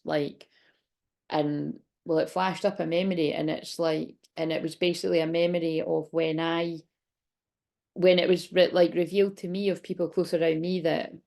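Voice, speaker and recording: A woman's voice: deep voice, vocal fry, a little mellow. A woman in her late thirties doing a chatty, rambling tarot reading vlog, hiccuping and a bit out of breath. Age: 30s. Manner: rambling, chatty, many restarts. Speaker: tarot reader.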